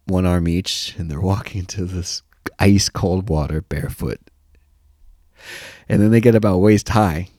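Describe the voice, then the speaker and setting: A man hosting a podcast, telling a funny story with lots of laughter and mock-deadpan asides. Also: lowish voice, no echo, studio quality. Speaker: podcast host. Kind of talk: comic storytelling.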